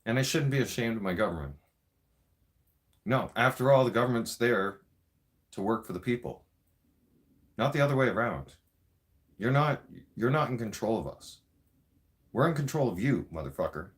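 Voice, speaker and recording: A Canadian man delivering an angry, profane political rant in a vlog. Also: mid-range voice. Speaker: vlogger.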